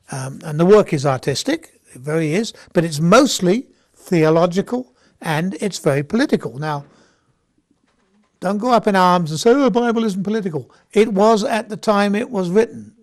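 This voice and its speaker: A man's voice: fairly high pitch, a little mellow. Chatty man teaching Bible class. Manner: conversational, repeats words and restarts, asks "okay?". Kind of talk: informal Bible lecture.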